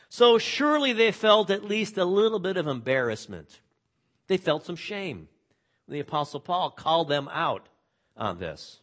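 A man's voice: on the high side, very animated, measured pace, fairly bright tone. A man preaching a sermon in a conversational way, reading scripture aloud with drama and often repeating words as he restarts. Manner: frequent word repeats and restarts. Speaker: pastor.

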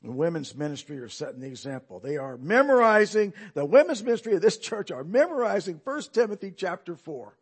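Husky-voiced man preaching a lively sermon. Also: high-pitched, brisk, few pauses. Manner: conversational, emphatic, asks rhetorical questions.

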